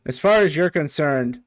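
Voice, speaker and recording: Running a tabletop game as game master, a man with a fairly high voice describes the scene while thinking aloud, often using fillers and restarting his sentences.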